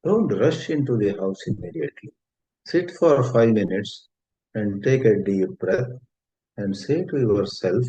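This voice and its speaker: A man with an Indian English accent giving a spiritual talk, gentle and unhurried, telling a story and rephrasing his words as he goes. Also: medium pitch, very animated. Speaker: spiritual teacher. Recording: dull lo-fi recording.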